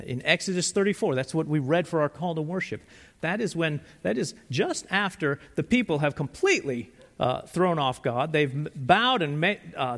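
Gravelly-voiced man preaching in a hall. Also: fairly high pitch. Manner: conversational, animated retelling with frequent restarts. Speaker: pastor. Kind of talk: sermon.

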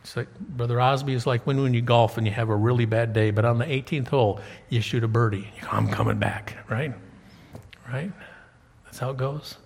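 A man preaching a sermon as pastor, animated and conversational, full of rhetorical questions. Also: medium pitch, brisk, long reverb tail.

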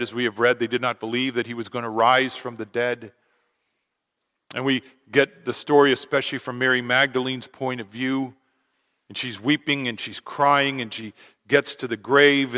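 A man preaching a sermon as pastor, earnest, often dropping to a hush on key words. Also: medium pitch. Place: church sanctuary. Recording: long hall reverb.

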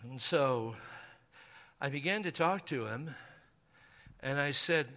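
A man's voice: medium pitch, animated, slow, bright, forceful tone. A man in his fifties, a pastor telling a rambling, conversational story to his congregation, with frequent restarts and playful asides. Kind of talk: storytelling sermon. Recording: long hall reverb.

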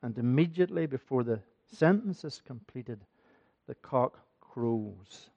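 A man's voice: medium pitch, expressive, measured pace, vocal fry, dark tone. Earnest preaching man, dull lo-fi recording. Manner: earnest preaching, building in force, repeats phrases. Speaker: pastor. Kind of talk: sermon. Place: church.

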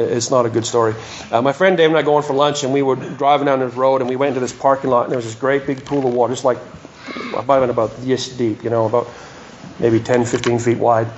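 A man's voice: mid-range voice, dull audio, slight background noise. A pastor preaching a sermon in a church hall, telling stories and then pressing his points with emphasis.

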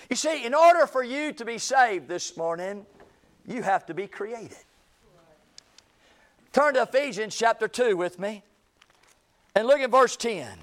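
A man preaching in a church, his voice sitting high and his delivery unhurried. He reads scripture in a measured cadence and swings from ringing declarations down to near-whispers. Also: lively intonation. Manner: preaching with dramatic pauses, swinging from loud to hushed; reads scripture aloud in a slow, deliberate cadence. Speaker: pastor. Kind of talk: sermon. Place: church sanctuary.

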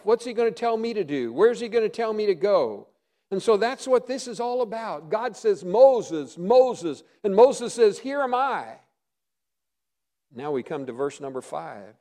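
A high-voiced man preaches a sermon from the pulpit. He tells Bible stories and voices their dialogue himself, falling to a near whisper and then climbing back up with force. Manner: storytelling preacher acting out dialogue, swinging loud and soft. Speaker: pastor.

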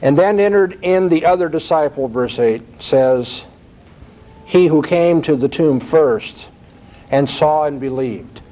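A man preaches a sermon with a slightly high voice, his pitch lifting as he quotes scripture and drives home each point. The recording is muffled and lo-fi. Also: slow pace. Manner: expressive, rising emphasis when quoting scripture. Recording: dull lo-fi recording.

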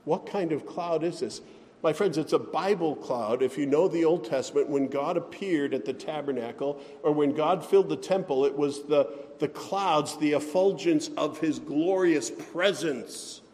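A man preaching a sermon as pastor, speaking slowly and deliberately and giving scripture readings extra weight. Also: a little high, darkish tone, big-room sound.

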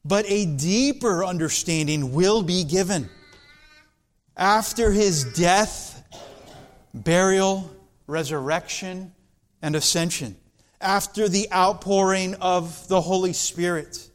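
A man preaching an expository sermon as pastor, slow and deliberate, building to emphatic passages. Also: high voice.

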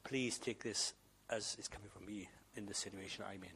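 A man preaching an emotional sermon who swings from raised emphasis to hushed whispers. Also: on the low side, fairly even intonation, a little fast, creaky, a little hiss or hum.

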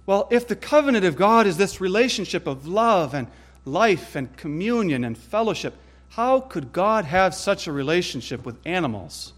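Male preacher, slightly high voice, emphatic and deliberate sermon delivery. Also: big pitch swings. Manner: emphatic, deliberate preaching with rising stress on lists.

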